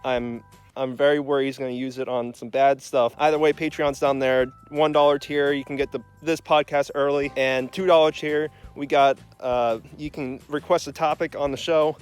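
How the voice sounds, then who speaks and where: A man's voice: mid-range voice, flat delivery, moderate pace, clean tone, faint music behind. A young man hosting a comedy podcast intro, out of breath, rambling in mock worry. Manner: mock-worried, rambling, calling out loudly. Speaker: podcast host.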